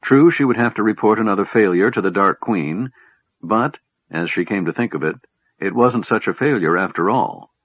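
A man reading a fantasy novel aloud as a narrator, in a measured storytelling manner. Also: on the low side, lively intonation, no room sound. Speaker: audiobook narrator. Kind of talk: scripted narration with character voices. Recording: dull, lo-fi, dry sound.

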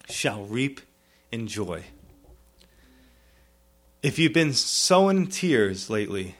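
A man preaches as a pastor with earnest feeling, his delivery climbing in pleading tones and then sinking soft and low, and he repeatedly asks "you see?" and "right?".

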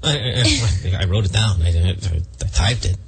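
A man's voice: fairly low pitch, lively intonation. A man hosting a radio show, chatting casually and stumbling through restarts. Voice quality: husky, halting with many restarts.

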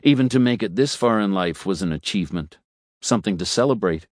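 A man reading a story as an audiobook narrator, measured, shifting voice for the characters. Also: on the low side, expressive, no room sound, clean studio sound. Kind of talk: scripted narration.

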